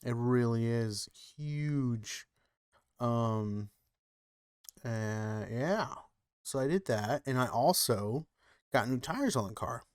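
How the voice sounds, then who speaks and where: Slow laid-back male podcast co-host. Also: mid-range voice, expressive, smooth, no echo, clean studio sound. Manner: laid-back, halting with fillers. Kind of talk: casual chat.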